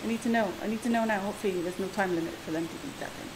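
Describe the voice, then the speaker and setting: Racing along in a medium-pitched voice, a female gaming streamer gives casual let's-play commentary. She chats with the game and its creatures and laughs often, with background noise audible in the recording.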